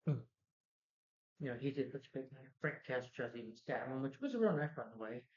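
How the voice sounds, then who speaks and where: This man's medium-pitched voice swings widely in pitch and moves briskly as he reviews a film. He retells the story in a loose, meandering way packed with "like" and "you know," and the sound is roomy, dull and lo-fi.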